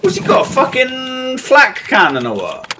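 A man's voice: very high voice, huge pitch swings, moderate pace, very noisy. A man talking while gaming, sweary and jumpy. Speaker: gamer. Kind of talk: casual gaming chat.

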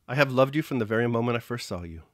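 A man reads a grave prince in an audiobook reading, measured and earnest. His voice is mid-pitched and sounds close and dry. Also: animated, dry recording, close to an everyday voice. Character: grave aristocratic officer, a prince.

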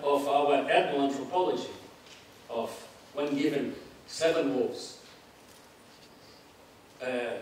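A man giving a measured academic lecture in anthropology, reading quotations aloud and adding spoken asides. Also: mid-range voice, vocal fry, a little mellow. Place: large lecture hall. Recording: very echoey hall, distant mic, faint hiss.

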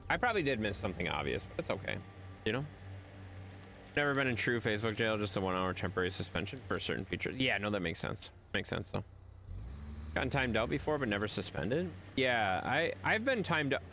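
A man's voice: lowish voice, sing-song, fairly quick, pushed and bright, slight background noise. A man chatting casually on his live stream, talking to viewers in a teasing, rambling way. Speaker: livestreamer.

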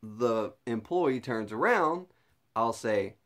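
A man's voice: mid-range voice, animated, slow. A young man vlogging in a casual chat, laughing often and slipping into silly put-on voices.

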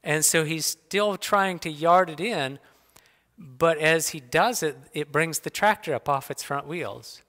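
A middle-aged man speaking at church, telling personal stories in a folksy, animated way. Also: fairly high pitch, unhurried. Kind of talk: personal storytelling talk. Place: church sanctuary. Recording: long hall reverb.

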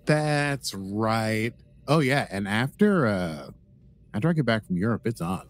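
A man's voice: mid-range voice, very animated, unhurried, soft background music. A man co-hosting a podcast in casual, jokey, enthusiastic chat. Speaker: podcast co-host.

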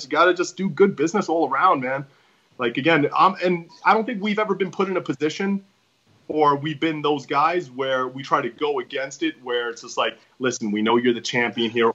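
A man's voice: on the high side, fairly bright tone, slightly rough, lo-fi sound. A man talking as a wrestling promoter guest in a casual podcast chat, rambling and emphatic with many restarts.

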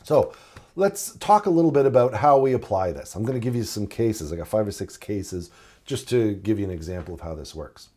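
Mellow-voiced man teaching paramedics. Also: fairly low pitch, expressive, a little fast, husky. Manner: conversational, acts out patient dialogue. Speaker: paramedic instructor. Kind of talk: recorded teaching presentation.

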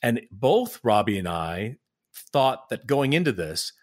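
A middle-aged man chatting as a podcast guest, telling lively stories with frequent laughs and restarts. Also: lowish voice, a little slow. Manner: animated storyteller, laughs often, restarts sentences. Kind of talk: casual interview chat.

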